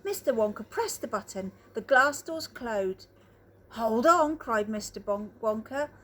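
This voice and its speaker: A woman reading a children's book aloud outdoors, telling the story with expressive, animated delivery. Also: fairly high pitch, unhurried. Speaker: reader.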